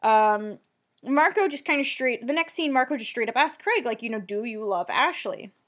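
A woman co-hosting a casual podcast chat, recapping a TV episode in an animated, chatty way with casual swearing. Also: fairly high pitch, normal speed. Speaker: podcast co-host.

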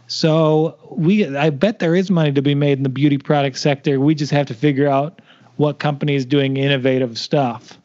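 A man with a somewhat high voice trades jabs in a casual podcast, teasing and refusing to budge. The recording sounds dull and lo-fi. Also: steady tone, moderate pace, darkish tone. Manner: stubborn, teasing. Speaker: podcast co-host. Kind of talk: casual debate chat.

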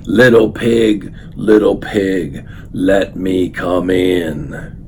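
Man doing a low gravelly big bad wolf, slow n menacing, reading a kids story. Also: flat delivery, darkish tone, slight background noise, heavily acted. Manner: slow, drawn-out growling delivery. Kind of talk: storybook read-aloud.

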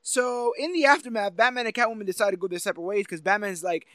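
A laid-back man recaps the plot and chimes in with easy agreement. His voice sits fairly high and he talks quickly, and the recording is dry with little room sound. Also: steady tone, pushed and bright, no room sound. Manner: laid-back, summarizes plot, laughs along. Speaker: podcast co-host. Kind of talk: casual chat.

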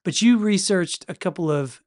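A man co-hosting a podcast in casual chat, jokey and quick to laugh, with chatty asides. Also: high-pitched, darkish tone. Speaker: podcast co-host.

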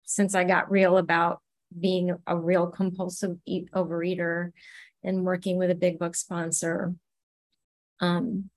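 A woman's voice: lowish voice, level tone, measured pace. A woman sharing at a recovery meeting over a video call, heartfelt and emotional.

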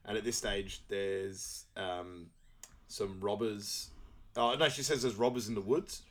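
A man's voice: lowish voice, steady tone, unhurried. A man co-hosting a podcast, recapping a film in casual chat, rambling with lots of fillers. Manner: rambling with many fillers, acts out quotes. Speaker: podcast co-host.

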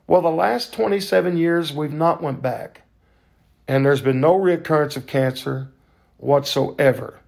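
Fervent older man with gravelly voice. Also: a little high, darkish tone. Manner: fervent, preacher-like, drawn-out emphasis. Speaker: podcast host. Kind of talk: faith testimony.

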